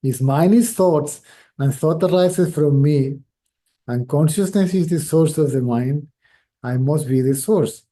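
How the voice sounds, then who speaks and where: A middle-aged man, a native Spanish speaker, teaching in a slow, reflective way. His voice sits a little high but sounds very soft and dark, and he circles back over his own phrases as he feels for the right word. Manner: slow, measured, repeats phrases while searching for words. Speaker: spiritual teacher. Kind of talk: reflective spiritual talk.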